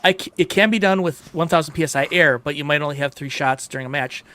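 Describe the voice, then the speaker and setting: A man's voice: a little high, fast talker, pushed and bright. A man who builds combat robots, joking and teasing in a casual livestream chat.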